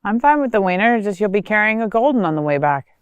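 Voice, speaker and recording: A woman's voice: mid-range voice, very animated, fast, smooth, no echo, muffled recording. Matter-of-fact woman on a snowy trail. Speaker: host's wife. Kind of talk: casual chat while hiking. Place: outdoors on a snowy forest trail.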